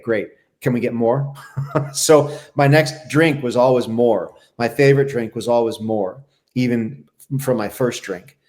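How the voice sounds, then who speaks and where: A man's voice: mid-range voice, darkish tone. Reflective man telling his recovery story. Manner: reflective, halting, with many restarts. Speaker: podcast guest, former Navy SEAL. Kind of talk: candid personal storytelling.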